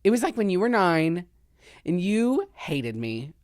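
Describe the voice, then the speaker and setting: A man's voice: high voice, big pitch swings, no echo, clean studio sound. A young man hosting a podcast, chatty and teasing in casual talk with his sister. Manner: chatty, teasing, quick restarts. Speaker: podcast host. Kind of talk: casual chat.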